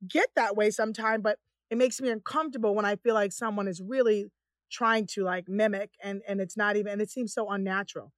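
A middle-aged woman in casual chat, an animated storyteller who acts out the voices of people she quotes. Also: mid-range voice, brisk, no room sound, clean studio sound.

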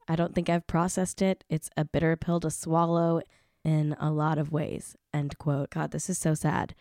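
A woman hosting a chatty celebrity news recap, gossipy with animated asides. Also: deep voice, no echo, studio quality.

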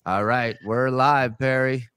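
A man's voice: mid-range voice, steady tone, slow pace, fairly bright tone, clean tone, no echo, clean studio sound, soft background music. Joking man hosting a comedy show. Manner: joking, loose banter. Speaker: host. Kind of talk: casual comedy podcast chat.

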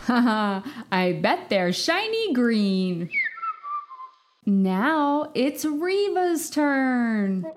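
A woman's voice: a little high, very animated, drawn-out words, noisy background. Enthusiastic woman hosting a kids' podcast. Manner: bright, enthusiastic, exclamatory. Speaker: host and children's book author. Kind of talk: children's storytelling podcast hosting. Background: background music.

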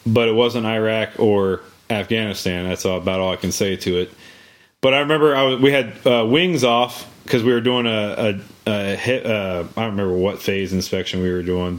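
A man's voice: mid-range voice, a bit bright. A man in casual chat, telling rambling stories with many fillers and restarts.

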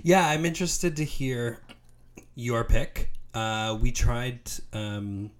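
A man's voice: mid-range voice, slow pace, clear, resonant tone. A man co-hosting a tennis podcast, chatting casually and laughing often. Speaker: podcast co-host. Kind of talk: casual chat.

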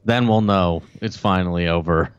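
A man's voice: sits low, normal speed, clear, resonant tone, no room sound, highs cut off. A man co-hosting a casual podcast chat, making wry joking asides. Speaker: podcast co-host.

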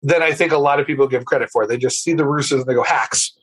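A man's voice: mid-range voice, rapid-fire, breathy edge. A man guesting on a film podcast, arguing his point emphatically with many fillers. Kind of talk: casual film discussion.

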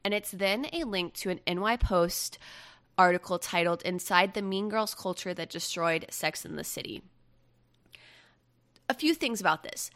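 Young woman gushing about pop culture, kinda low voice but bright and punchy. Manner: gushing and chatty, quick asides. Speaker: podcast host. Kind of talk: casual pop-culture chat.

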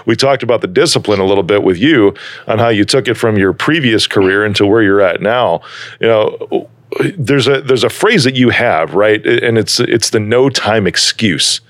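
Chicago guy, neutral american accent, lowish voice, chatty host saying dude a lot, dry close mic. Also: moderate pace, no echo. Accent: neutral American, trained out of Chicago speech. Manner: animated, laughs often, says "dude" and "man". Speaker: podcast host. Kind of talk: casual interview chat.

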